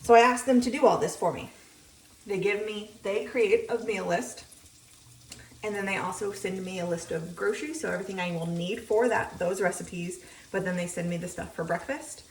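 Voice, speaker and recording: A woman's voice: medium pitch, normal speed, distant mic, slight background noise. A young woman vlogger chatting casually while she cooks at home, rambling with lots of ums as she explains her routine. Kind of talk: casual chat while cooking. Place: home kitchen. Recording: echoey kitchen, voice often off-mic. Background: frying sizzle.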